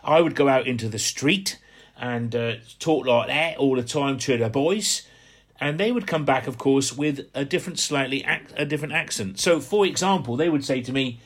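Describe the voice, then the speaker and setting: A man from Hampshire giving a gentle, rambling radio devotional reflection, with frequent fillers. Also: medium pitch, normal speed. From Hampshire, England.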